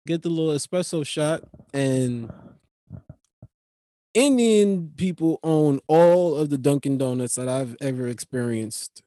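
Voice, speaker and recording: A man's voice: a little high, a little slow, no room sound, studio quality. Profane New man telling stories. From New York. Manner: profane, animated, rambling. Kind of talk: comic storytelling monologue.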